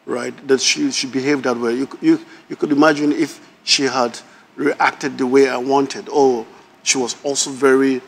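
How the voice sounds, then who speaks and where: A man's voice: mid-range voice, flat delivery, moderate pace, gravelly, big-room sound. A man guest on a talk show, talking thoughtfully with hesitations and restarts. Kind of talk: casual talk-show conversation.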